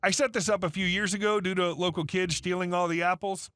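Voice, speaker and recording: A man narrating online stories in an even, matter-of-fact way. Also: high-pitched, fairly quick, clear, resonant tone, soft background music. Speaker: story narrator.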